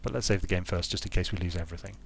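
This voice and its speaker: A man's voice: low voice, very fast, vocal fry, faint music behind. A man giving casual commentary while playing a strategy game, thinking aloud with frequent restarts and repeated words. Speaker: streamer and game designer.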